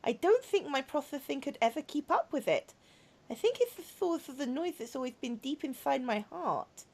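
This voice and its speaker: Woman reading young robot girl, visual novel, gentle, sorrowful, wistful, high voice, lively pitch. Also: normal speed, vocal fry. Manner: soft, earnest, wistful.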